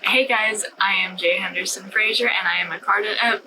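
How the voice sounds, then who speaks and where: A woman's voice: medium pitch, fairly even intonation, normal speed, noisy background. A woman comic artist talking casually in her own vlog, rambling, stopping herself mid-sentence and laughing at her own slips.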